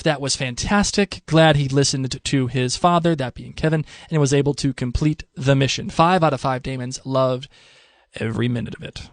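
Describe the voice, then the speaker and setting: A man with a Boston accent co-hosts a casual podcast and reads out listener mail. His voice sits a little high, and he rambles and restarts his sentences in an animated way. The recording is dry and close-miked. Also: no echo. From Massachusetts. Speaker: podcast co-host.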